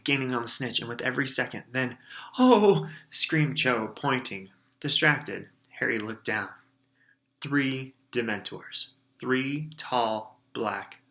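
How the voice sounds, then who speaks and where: A man reads a storybook aloud for his class, lively and expressive. His voice is bright and clear, in an ordinary middle pitch.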